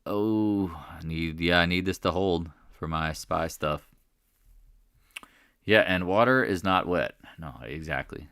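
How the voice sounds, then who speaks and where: A man's voice: sits low, takes it slowly, a bit bright, clear, resonant tone, no room sound, studio quality. A man hosting a live market chat, talking casually and emphatically, repeating his points and rambling between thoughts. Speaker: stock market livestream host.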